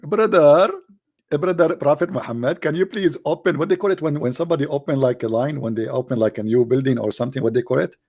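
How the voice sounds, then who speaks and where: A man's voice: fairly high pitch, fast talker, a little mellow, dry recording, studio quality. A man with an Arabic accent hosting his channel, giving sarcastic, mocking commentary with rambling asides. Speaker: channel host. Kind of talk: mocking religious commentary stream.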